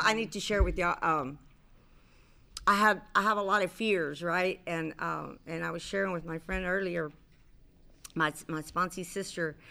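A middle-aged woman with a bright, sharp-edged voice shares her personal story from a convention stage. Her talk is candid and loose, full of fillers, restarts and the odd curse word. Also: on the low side, creaky. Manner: candid, rambling, many fillers and restarts, casual swearing. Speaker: speaker at a recovery convention.

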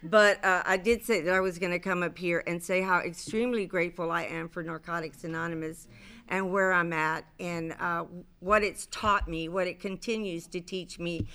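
A middle-aged woman with a bright, sharp-edged voice shares her personal story from a convention stage. Her talk is candid and loose, full of fillers, restarts and the odd curse word. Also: on the low side, smooth. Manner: candid, rambling, many fillers and restarts, casual swearing. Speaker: speaker at a recovery convention.

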